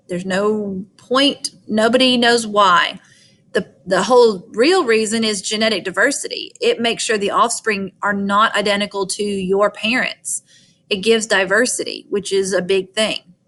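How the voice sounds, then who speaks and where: A woman with a Southern twang walks students through a lesson at a mid-range pitch. Her delivery is informal and chatty, and she keeps punctuating her explanations with "all right" and "okay.". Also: bright, forceful tone. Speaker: teacher. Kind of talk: recorded biology lecture.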